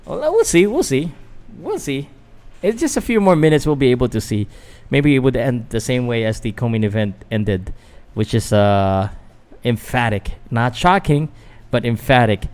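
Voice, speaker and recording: A man's voice: mid-range voice, lively intonation, moderate pace, a little mellow, clean tone. A Filipino man, a boxing vlogger doing casual live fight commentary, chatting loosely to viewers with fillers and restarts. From Philippines.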